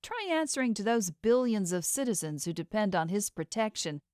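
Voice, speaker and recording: A woman reads a fierce young wife who rants with heat and fights back tears. It is an audiobook voice in a middling pitch, set in a dry, close recording. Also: sing-song, moderate pace, a little mellow, no echo, natural voice. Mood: ranting. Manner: ranting, heated, tearful. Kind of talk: audiobook character voice.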